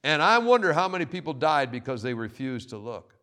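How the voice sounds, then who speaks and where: A man preaching a sermon, telling stories in an animated way, often repeating words. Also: a little high, fairly quick. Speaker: pastor.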